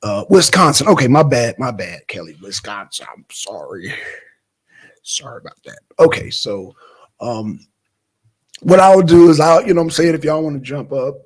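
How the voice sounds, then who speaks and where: Male livestream host, husky and casual, rambling chat with viewers. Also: mid-range voice, lively intonation, moderate pace. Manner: rambling, loose and talkative, shouting out viewers in chat. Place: Atlanta, Georgia.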